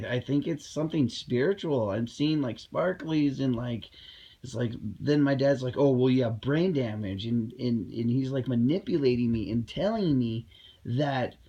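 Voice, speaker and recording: A man's voice: mid-range voice, darkish tone, breathy edge, muffled recording. A man talking in a casual vlog monologue, rambling and heated, with many fillers and restarts, recorded at home. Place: at home indoors.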